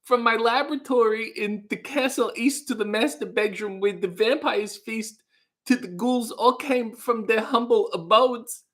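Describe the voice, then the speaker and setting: A man's voice: extremely high pitch, unhurried, fairly bright tone, pitched above the performer's own voice, heavily acted. A man putting on a spooky, crooning mad scientist voice, half singing novelty horror lyrics.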